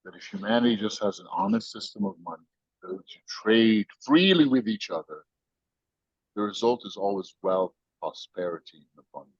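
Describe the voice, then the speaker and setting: A man's voice: fairly low pitch, expressive, a little fast, slightly rough, no room sound, dull audio. An American man, a company founder, talking as a guest in an emphatic, slangy, preachy storytelling way. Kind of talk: animated storytelling interview.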